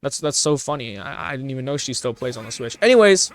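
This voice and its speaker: A man's voice: mid-range voice, animated, fast talker, dry recording. A young man vlogging, telling casual stories to his viewers in a rambling, self-mocking way with many restarts. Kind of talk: casual storytelling to camera.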